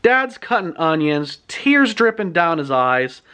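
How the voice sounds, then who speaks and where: A man retelling a book's plot in his own words, in a chatty, animated storytelling manner. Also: a little high, slow pace, smooth. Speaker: book reviewer.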